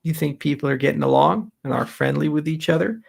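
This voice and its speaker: Gravelly man joking through viewer questions. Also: fairly high pitch, fairly quick. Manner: wry, joking, offhand. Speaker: host answering audience questions. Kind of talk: casual live Q&A.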